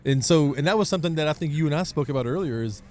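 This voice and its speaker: A man in a live podcast conversation, agreeable and quick to chime in. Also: on the high side, expressive, darkish tone, slight background noise. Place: outdoor trade skills event.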